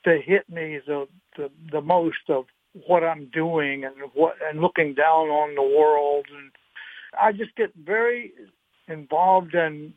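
A man in his eighties, a guest on a radio interview, speaking in a halting, earnest way with many repeated words and getting choked up. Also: on the high side, dry recording. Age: 80s. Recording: tinny phone line.

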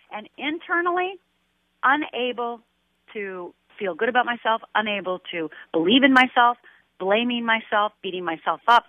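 A woman guest on a radio interview, talking earnestly with halting restarts. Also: fairly high pitch, dry recording. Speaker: guest life coach. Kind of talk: radio interview over the phone. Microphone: telephone. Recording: dry tinny phone line.

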